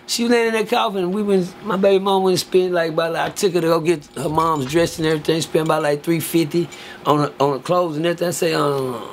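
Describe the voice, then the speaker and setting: A man telling a story in casual, profane talk, lively and acting out other people's lines. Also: a little high, fast, slight background noise.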